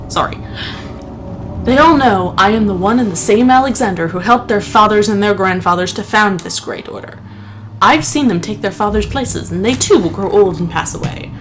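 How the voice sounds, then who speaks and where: A woman co-hosting a let's play, chatting casually and reading in-game notes aloud in a slow, solemn voice. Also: mid-range voice. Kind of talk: casual gameplay chat and read-aloud.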